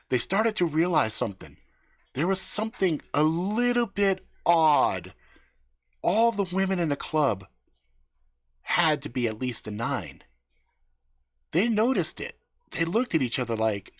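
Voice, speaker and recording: A man's voice: medium pitch, animated, normal speed, a bit bright, no room sound. A man improvising a crude story on a live stream, swearing freely, laughing and acting out the characters' lines.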